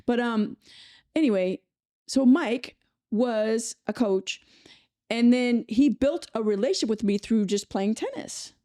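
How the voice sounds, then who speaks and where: A woman hosting a conversational podcast, telling an anecdote in a chatty, enthusiastic way with quick asides. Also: a little high, mellow, dry recording, clean studio sound. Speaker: podcast host. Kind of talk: casual conversational storytelling.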